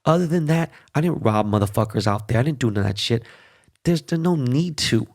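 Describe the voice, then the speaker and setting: A man's voice: medium pitch, expressive, a little fast, a little mellow. A middle-aged man hosting a podcast, telling a casual story in a profane, emphatic, conversational way. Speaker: podcast host.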